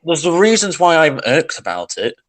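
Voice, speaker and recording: A man's voice: on the high side, sing-song, moderate pace, low-quality recording. A young man co-hosting a podcast, ranting in casual chat, agitated, with sighs and many restarts. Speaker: podcast co-host.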